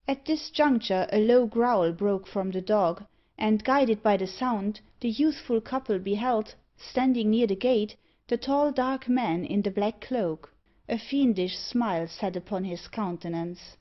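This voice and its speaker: A woman narrating a gothic novel audiobook in a measured, expressive reading. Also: medium pitch. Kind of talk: scripted narration. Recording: dull lo-fi audio.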